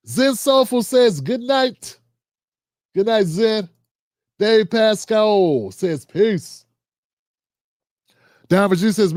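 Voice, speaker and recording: Recorded in studio quality with no echo, this man has a high but darkish voice. He's running a livestream, giving casual shout-outs to viewer comments before wrapping up in a relaxed, slangy way.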